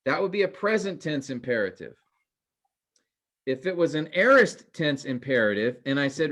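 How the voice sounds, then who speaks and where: A man teaching a Greek grammar class online, asking questions and explaining with many pauses. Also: fairly high pitch, big pitch swings, a bit bright.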